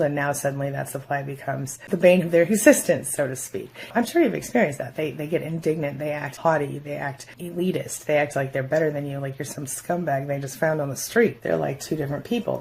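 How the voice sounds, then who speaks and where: Frank woman vlogger, low gravelly voice, faint room hiss behind. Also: a little mellow. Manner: frank, conversational, acts out quoted voices mockingly. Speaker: relationship advice vlogger. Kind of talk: casual advice talk to camera.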